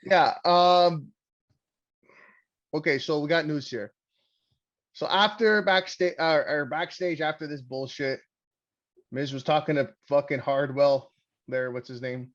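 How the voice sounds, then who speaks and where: A man's voice: on the high side, unhurried, pauses often, highs cut off. A young man from Canada hosting a wrestling podcast, rambling and swearing in casual chat. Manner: rambling, crude, excitable. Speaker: podcast host.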